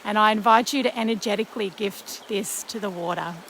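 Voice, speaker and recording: A woman leading an outdoor ceremony by a creek, speaking in a slow, gentle, soothing way, a little croaky. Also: mid-range voice, background noise. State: slightly croaky. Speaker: ceremony leader. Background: flowing stream.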